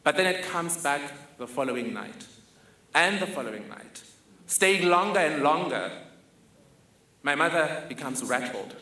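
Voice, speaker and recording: A man's voice: on the high side, expressive, a little slow, pushed and bright. A young man telling a wry, vivid personal story on stage. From South Africa. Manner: vivid, wry, self-mocking. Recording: echoey hall, faint ambience.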